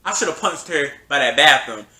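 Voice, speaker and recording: A young man vlogging a storytime, talking in an animated, slangy and emphatic way. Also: fairly high pitch, fairly quick, roomy sound. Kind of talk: storytime vlog.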